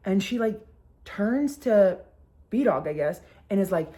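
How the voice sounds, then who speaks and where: A woman's voice: medium pitch, unhurried. A young woman in her twenties telling a casual storytime vlog, animatedly acting out what others said and swearing freely. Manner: animated retelling, acts out quotes, swears freely. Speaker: vlogger.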